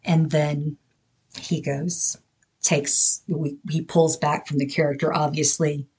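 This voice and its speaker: Low, husky-voiced woman podcast host. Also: flat delivery, darkish tone. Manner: thoughtful, halting, with many fillers. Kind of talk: explanatory podcast commentary.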